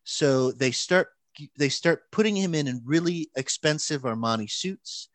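A man telling a long story in casual chat, animated, with frequent restarts and fillers. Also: a little high, measured pace, no room sound.

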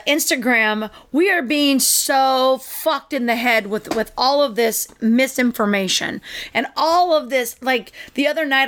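Chatty, animated middle-aged woman. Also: fairly high pitch. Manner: chatty, animated, quick asides and playful impressions. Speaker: podcast co-host. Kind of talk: casual chat.

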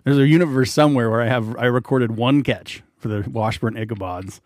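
A man's voice: mid-range voice, brisk, a little mellow, dry recording. Laughing, swearing man in his forties. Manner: laughing storyteller, swears a lot, rambling. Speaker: podcast co-host. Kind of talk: casual banter.

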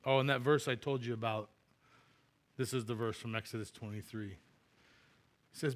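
A man's voice: medium pitch, steady tone, moderate pace, long pauses. A man preaching as a pastor, telling a funny personal story in a chatty way and laughing at himself before turning to scripture.

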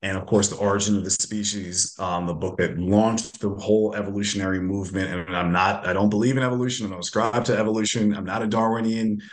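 A man's voice: on the low side, level tone, fast talker, few pauses. A male guest author explaining in casual talk, with plenty of fillers and restarts. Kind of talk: casual chat.

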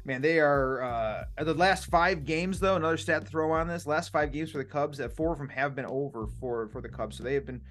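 A man hosting a casual sports betting chat, energetic and excitable, hamming it up, with faint music underneath. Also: on the high side, brisk, hardly any pauses. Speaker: podcast host.

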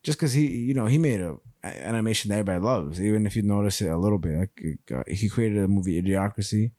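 A man co-hosting a podcast, chatting casually and telling stories in a loose, profane, animated way. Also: fairly low pitch, fast, no echo, clean studio sound. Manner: animated, profane storytelling with frequent laughs. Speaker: podcast co-host. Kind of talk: casual chat.

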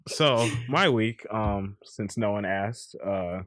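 A man's voice: on the low side, slow pace, a bit bright, dry recording. A young man hosting a casual chat podcast, teasing his friends with dry jokes. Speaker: podcast host.

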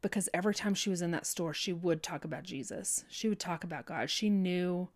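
Woman, slightly low voice, heartfelt personal testimony, halting, restarts, casual fillers. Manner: halting, restarts often, fillers like "you know" and "like"; earnest, heartfelt. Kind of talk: emotional personal storytelling.

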